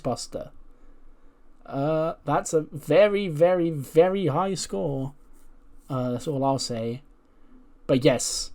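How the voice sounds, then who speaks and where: A man hosting a let's play, narrating a simulated wrestling show in lively play-by-play with offhand asides. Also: a little high.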